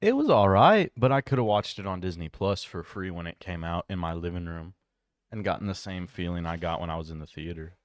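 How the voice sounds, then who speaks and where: A man's voice: low-pitched, animated, brisk, no echo, clean studio sound. A man co-hosting a podcast, blunt and steering the casual chat back on topic. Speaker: podcast co-host.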